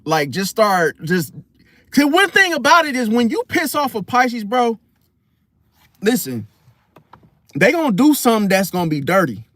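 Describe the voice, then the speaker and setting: Talking right to his viewers, an astrology vlogger recounts a story in a lively, slangy, foul-mouthed way. His high voice keeps a moderate pace with frequent pauses, and there's no room sound.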